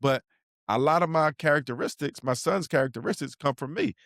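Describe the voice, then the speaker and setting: A man's voice: fairly high pitch, fairly quick, a bit bright, no room sound, studio quality. A middle-aged man, telling slangy stories in a casual podcast chat as co-host. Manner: laid-back storyteller, slangy, acts out quotes.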